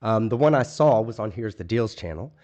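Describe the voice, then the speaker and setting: A man's voice: on the low side, lively intonation, a little fast, warm tone, dull audio. A man hosting a late-night livestream, chatting casually and ranting with lots of profanity. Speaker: streamer host.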